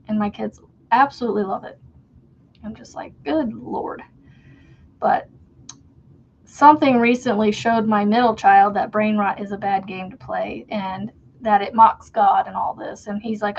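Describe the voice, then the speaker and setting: Speaking a little slowly at medium pitch with fairly even intonation, a crochet livestream host and homeschool mom chats casually as she works. She rambles and laughs at her own stories, and the stream audio is dull and lo-fi.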